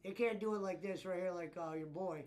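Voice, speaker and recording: A man's voice: sits high, fairly quick, darkish tone. Laid-back male streamer chatting over clips. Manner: loose, laughing, profane chatter. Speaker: streamer host. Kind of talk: casual stream commentary over old clips.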